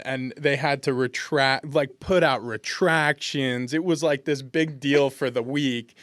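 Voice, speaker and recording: A man's voice: medium pitch, a little slow, hardly any pauses, a bit bright, no echo, studio quality. A man in his twenties, a pro football lineman, telling laid-back funny stories in an interview with lots of restarts. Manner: laid-back, humorous anecdotes with many restarts. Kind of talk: casual interview storytelling.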